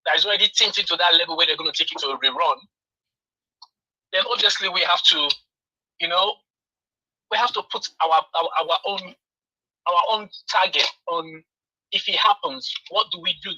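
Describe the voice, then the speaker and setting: A man calls in to a talk show with a very bright, sharp, fairly high voice. He hesitates often and restarts his sentences. He is heard over a phone line. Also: expressive, normal speed, pauses often. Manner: hesitant, many fillers and restarts. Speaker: caller. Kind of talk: call-in comment.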